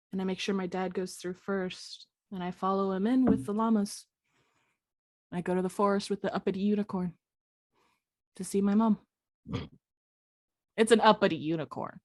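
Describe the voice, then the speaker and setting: A woman playing a tabletop game, playful and quick to laugh. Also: medium pitch, fairly even intonation, a little mellow, no echo, studio quality. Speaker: player.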